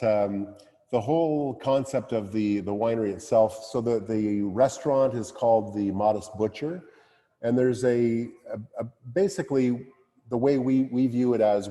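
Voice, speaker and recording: Male winemaker, mellow low voice, hesitant casual talk, long reverb around him. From Canada. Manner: hesitant, many fillers and restarts. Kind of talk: casual talk at a virtual wine tasting.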